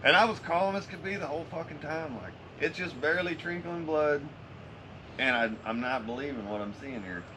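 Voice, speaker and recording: A man's voice: on the high side, brisk. Guy telling a story to his buddies, cussing nonstop, easygoing drawl, noisy background. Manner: profane, laid-back drawl, swears constantly. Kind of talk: casual storytelling with friends.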